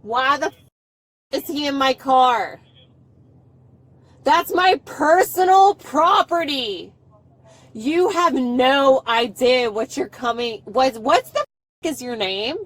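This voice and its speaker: A woman's voice: high-pitched, unhurried, a bit bright, no echo, low-quality recording. A woman, arguing with police in a combative, profane, mocking way during an arrest. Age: 30s. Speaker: arrested driver, nurse. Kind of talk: heated roadside argument. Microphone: police body camera.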